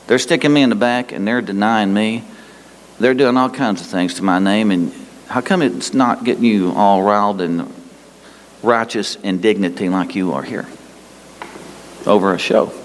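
A man preaching a sermon as pastor, animated and conversational, with asides. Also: fairly low pitch. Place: church sanctuary. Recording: long reverb of a large hall.

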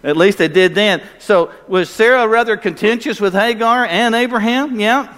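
A man's voice: high voice, normal speed, a bit bright, clear, resonant tone. A male pastor preaching a sermon, emphatic and full of rhetorical questions for the congregation. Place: church sanctuary. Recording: long hall reverb.

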